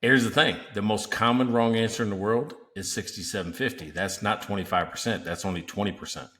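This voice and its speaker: A man's voice: fairly low pitch, fairly quick, sharp tone. A man co-hosting a business podcast, talking emphatically and walking through pricing examples like a seminar teacher. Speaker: podcast co-host. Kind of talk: casual podcast chat.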